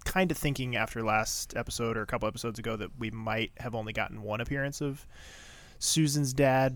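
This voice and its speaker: A man co-hosting a podcast who recaps a TV episode in animated, profane chat and acts out quotes with laughs. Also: on the low side, no room sound. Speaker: podcast co-host.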